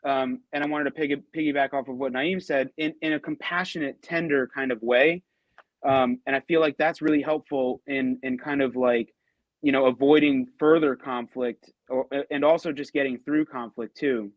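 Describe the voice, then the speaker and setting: A man's voice: mid-range voice, fairly even intonation, moderate pace, no echo, dull audio. A man talking as a guest on a casual relationship show, thoughtful and often restarting sentences. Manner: thoughtful, many restarts and fillers. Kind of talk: casual podcast chat.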